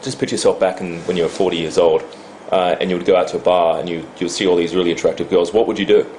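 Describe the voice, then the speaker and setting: A male interviewer who asks brisk, leading questions and gives short agreeing replies. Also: low voice, fairly even intonation, a little mellow, slight background noise, low-quality recording.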